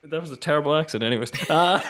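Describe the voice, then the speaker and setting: A man's voice: a little high, very fast. A man performing a one-minute improvised comedy scene, jumping between silly characters. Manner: animated, jumps between silly put-on characters.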